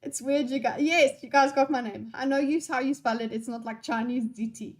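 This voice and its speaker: A young live streamer with a high voice and fairly even intonation reads chat a little fast. Unscripted, she chats with her audience in a playful, scattered way and swears freely.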